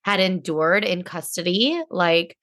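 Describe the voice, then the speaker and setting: Woman co-host, lowish voice, measured pace, brief reactions. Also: fairly bright tone, dry recording, studio quality. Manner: reactive, short responses. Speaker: podcast co-host. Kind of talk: casual book discussion.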